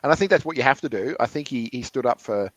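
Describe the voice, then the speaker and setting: A man's voice: mid-range voice, expressive, quick pace, fairly bright tone, husky, dry recording, muffled recording. Dry-sounding man in joking banter. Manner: jokey, acts out quotes in mock voices. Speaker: podcast co-host. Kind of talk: casual chat.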